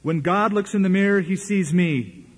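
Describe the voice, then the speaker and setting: A man mimicking a fervent male preacher who shouts and whips up a congregation. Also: moderate pace, breathy edge. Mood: fervent shouting. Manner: shouting, high-pitched exhortation. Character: fervent adult male preacher whipping up a crowd.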